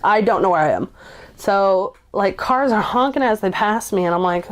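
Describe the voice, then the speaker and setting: A woman's voice: medium pitch, expressive, moderate pace. Chatty young woman telling a story. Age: 20s. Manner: chatty, frequent "like", blunt swearing. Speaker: person in recovery telling her story. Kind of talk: casual spoken storytelling.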